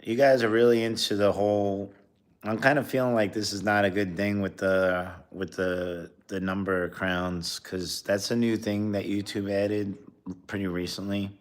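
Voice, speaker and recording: A man's voice: fairly low pitch, fairly even intonation, normal speed. A man who is a comedian chatting casually on a live stream, rambling and talking between bites of food. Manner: rambling, talks while eating.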